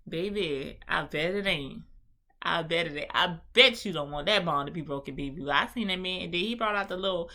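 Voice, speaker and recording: A woman giving a sassy, animated recap of a reality show, acting out the people she quotes. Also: on the low side, brisk. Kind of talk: casual recap commentary.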